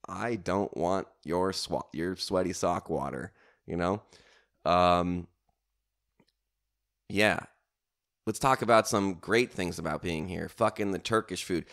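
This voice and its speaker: A man hosting a comedy podcast alone, telling stories in a casual, rambling way full of swearing, fillers and self-mockery. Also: low voice. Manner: swearing, self-mocking storytelling with lots of fillers.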